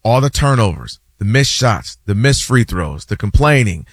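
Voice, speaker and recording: A man's voice: lowish voice, normal speed, no echo, studio quality. A man hosting a sports talk show, arguing his point in casual chat and acting out fans' voices. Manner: animated, acts out fans' and players' voices.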